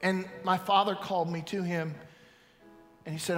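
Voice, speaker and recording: Bright-voiced pastor man in a big hall. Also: fairly high pitch, level tone, moderate pace, faint music behind. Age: 50s. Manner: storytelling testimony, swings from loud to hushed. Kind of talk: sermon. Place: large church hall. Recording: reverberant hall, faint ambience.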